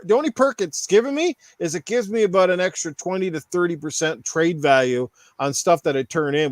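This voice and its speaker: Recorded at studio quality with no echo, a fairly high-pitched Newfoundland man hosts a casual podcast. He rants heatedly and swears a lot, imitating store clerks in fake voices.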